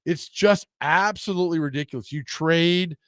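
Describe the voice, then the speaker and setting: A man with a slightly higher voice co-hosts a sports radio show in a casual, bantering way. He jokes constantly and keeps breaking into quick mock impressions of other people. His voice is close and dry, recorded on a studio microphone with no room sound. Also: a bit bright, clear, resonant tone, dry recording. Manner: joking, slips into quick mocking impressions.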